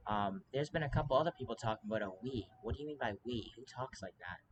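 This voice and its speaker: A man in a casual monologue to camera, rambling on with urgency and plenty of ums and restarts. His pitch sits in an everyday middle range. A steady noisy hiss runs behind him. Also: brisk.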